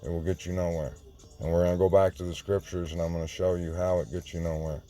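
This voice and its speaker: Low-voiced guy preaching slow and pushy, mellow tone, faint music behind. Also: little pitch movement. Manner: insistent, confrontational, repeats himself. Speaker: online preacher. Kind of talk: informal sermon.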